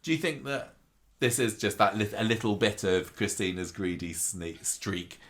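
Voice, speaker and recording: A man's voice: lowish voice, lively intonation, normal speed, fairly bright tone. A man co-hosting a casual chat, restarting often and acting out characters' lines. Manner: chatty, stumbles and restarts, acts out characters' lines. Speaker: podcast co-host. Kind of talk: casual chat reviewing a soap.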